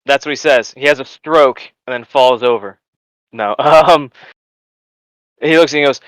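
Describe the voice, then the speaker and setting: A man narrating as game master of a tabletop game, storytelling in a lively way with fillers. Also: medium pitch, unhurried, pauses often, no room sound, poor audio.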